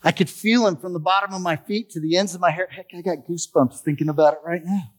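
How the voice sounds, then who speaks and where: A man's voice: high voice, steady tone, fast talker. A man giving a personal recovery testimony, telling his story expressively and acting out the dialogue. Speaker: testimony speaker.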